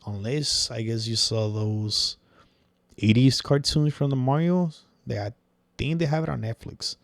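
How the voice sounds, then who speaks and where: Young man, gravelly low voice, dry close sound, profane rambling rant. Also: darkish tone, no room sound. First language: Spanish. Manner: profane, rambling, drops into whispered asides and Spanish slang. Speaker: podcast host. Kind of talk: casual opinion rant.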